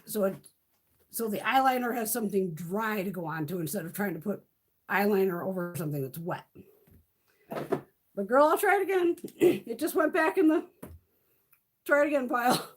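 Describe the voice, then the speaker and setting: Husky and medium-pitched, this woman talks at a moderate pace with long pauses. A middle-aged beauty vlogger, she chats casually on a home live stream, cursing freely and sweet-talking her cats.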